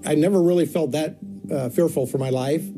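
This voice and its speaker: A man in his sixties calmly recalling an event from his youth in a documentary interview. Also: fairly high pitch, fairly quick, over music.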